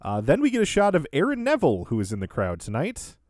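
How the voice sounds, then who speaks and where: A man's voice: on the high side, huge pitch swings, quick pace, darkish tone, no echo, studio quality. A man hosting a podcast, casually recapping events in order and laughing easily. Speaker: podcast host.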